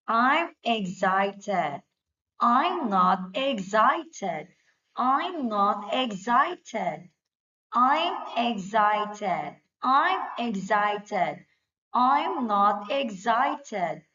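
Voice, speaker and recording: A woman leading a young children's English lesson, saying each word or phrase twice in a clear drill style. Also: a little high, pushed and bright, muffled recording.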